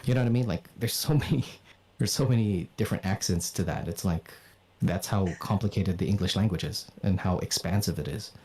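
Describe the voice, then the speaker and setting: A man raised in the Philippines chatting casually on a livestream, animated, swearing and laughing often. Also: low-pitched, brisk, hardly any pauses. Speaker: streamer and voice actor.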